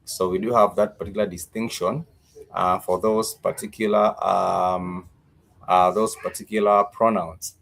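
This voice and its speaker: A man teaching Swahili words in a live-streamed lesson, slowly repeating each word and its meaning, with many fillers. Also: deep voice, flat delivery, vocal fry, fairly bright tone.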